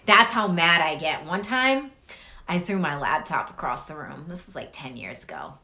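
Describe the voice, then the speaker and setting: A woman's voice: low-pitched, big pitch swings, moderate pace, bright, forceful tone. A woman giving a casual tarot reading who rambles, swears freely and laughs through her stories. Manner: rambling, profane, laughing storyteller. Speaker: tarot reader.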